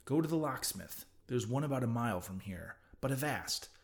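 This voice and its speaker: A man's voice: mid-range voice, animated, vocal fry. A man putting on a flustered, scolding landlady. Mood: fretful scolding. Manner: scolding, exclamatory, rapid complaints. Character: flustered talkative landlady, older woman. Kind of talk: audiobook character voice.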